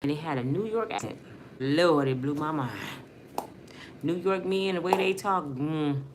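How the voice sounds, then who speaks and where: A woman's voice: sits low, measured pace, noisy background. A middle-aged woman from Michigan, earnestly telling her life story as a personal testimony in casual, emotional talk. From Michigan, USA.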